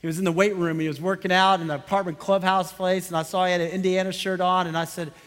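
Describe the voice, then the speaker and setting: Pastor, male, high voice, storytelling sermon that swells to fervent emphasis. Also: flat delivery, fast talker, a bit bright, long reverb tail.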